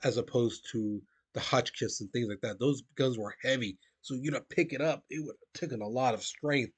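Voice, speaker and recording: Guy teaching history, laid-back lecture, talks to the class like "guys", middle pitch. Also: normal speed, slightly rough. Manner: conversational, addresses listeners as "guys", frequent restarts.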